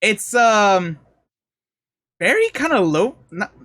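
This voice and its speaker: A man's voice: high voice, sing-song, slow, bright, forceful tone, dry recording. A man co-hosting a podcast in casual chat, rambling with fillers as he recommends songs. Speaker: podcast co-host.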